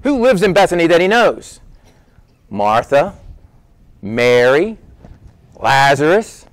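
A man preaching a Bible-teaching sermon in a lively, conversational way, speaking straight to his listeners. His voice sits a little high for a man, and he stacks repeated words when he pushes a point. The sound is dry and close, with no room echo. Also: slow pace. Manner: emphatic, animated, repeats words when worked up; conversational, addresses listeners as "guys".

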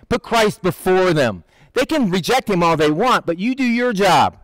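High-voiced casual male preacher. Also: moderate pace, no room sound, rough recording. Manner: conversational, animated, acts out Bible figures in quotes. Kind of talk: casual sermon.

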